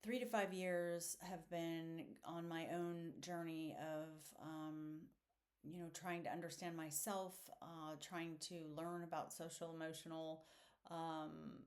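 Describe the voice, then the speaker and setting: A woman's voice: low-pitched, level tone, darkish tone. A woman hosting a podcast, talking through a reflective solo monologue in an earnest, candid way with plenty of fillers. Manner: unhurried, thoughtful, many fillers. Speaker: podcast host.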